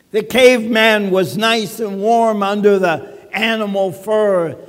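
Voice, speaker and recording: A man's voice: sits high, in a large hall. A man preaching a sermon as pastor, speaking conversationally and dropping quips and asides to the congregation.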